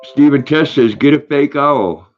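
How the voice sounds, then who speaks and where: Older man, unhurried chatty livestream host, reads comments aloud, muffled lo-fi audio. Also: on the high side, soft background music. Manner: chatty, reads viewer comments aloud and talks to his dog. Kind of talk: casual livestream chat.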